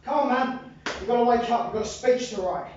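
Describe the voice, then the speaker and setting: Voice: mid-range voice, a little fast, a little mellow, slight background noise, natural voice. An actor playing an exasperated disciple with a Liverpool accent, scolding in a live stage comedy sketch. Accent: English, Liverpool. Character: exasperated disciple, Jesus's harried aide. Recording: echoey, distant, muffled lo-fi room recording.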